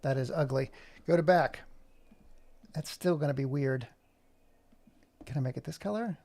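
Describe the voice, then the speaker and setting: Recording his screen, a middle-aged video creator talks through an animation tutorial at a moderate pace. His fairly high voice has vocal fry and a slightly mellow quality, and he chats, mutters to himself, and makes self-deprecating jokes.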